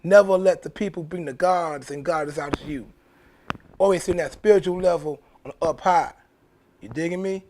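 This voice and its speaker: A man's voice: on the high side, normal speed, background noise. A man, hosting his own show in a blunt, profane casual monologue that repeats points for emphasis. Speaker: show host.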